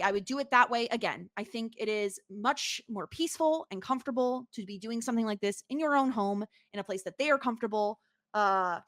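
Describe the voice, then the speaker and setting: A woman co-hosting a podcast, talking in a casual, halting way with lots of fillers. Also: fairly high pitch, a bit bright, no room sound, studio quality. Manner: halting, filler-heavy, earnest. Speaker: podcast co-host. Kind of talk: casual chat.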